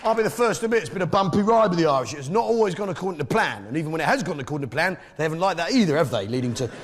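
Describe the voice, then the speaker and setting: A man's voice: a little high, lively intonation, racing, a faint crowd, a little hiss or hum. A man with a British accent doing boastful, swearing stand-up comedy, recorded live on stage. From Britain. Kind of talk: stand-up comedy as a pompous publican. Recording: live stage show with loud audience.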